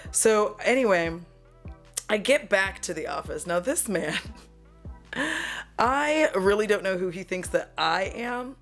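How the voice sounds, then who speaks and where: A woman's voice: medium pitch, takes it slowly, long pauses, soft background music. A woman who works as a mail carrier, telling a casual, profane story with frequent laughs. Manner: animated, profane, laughs often.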